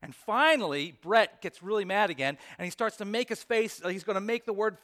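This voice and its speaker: Bright, high-voiced male pastor preaching. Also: animated, fairly quick. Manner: earnest, emphatic storytelling. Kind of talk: sermon with scripture reading and prayer.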